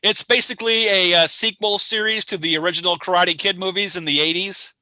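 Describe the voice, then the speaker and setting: Bright-voiced man hosting an astronomy stream. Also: high-pitched, a little fast, no echo. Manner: relaxed, rambling, self-deprecating humor. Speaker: astronomy outreach host. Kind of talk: casual livestream chat. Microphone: online call mic.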